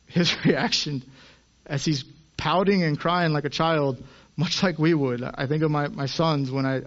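A man's voice: fairly high pitch, muffled recording. A man preaching a sermon in an earnest way, his voice rising as he acts out the people in the stories.

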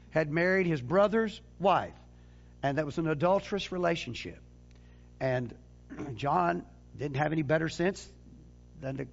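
A man preaching a sermon with emphasis, often repeating words and restarting phrases, and sometimes dropping to a low, quiet delivery. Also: gravelly, lo-fi sound.

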